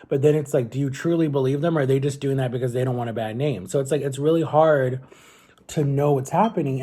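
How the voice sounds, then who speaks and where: A young man speaks in a husky, slightly rough voice with a soft, mellow tone. He talks casually and earnestly to his camera at home. His sentences ramble and restart as he works through his thoughts. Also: medium pitch. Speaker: vlogger.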